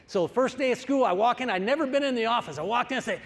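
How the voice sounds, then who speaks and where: A man's voice: high voice, very fast, vocal fry. An older man, a wrestling coach, giving a storytelling speech and acting out the dialogue with energy. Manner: animated, acts out the dialogue. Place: large conference hall. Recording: reverberant hall.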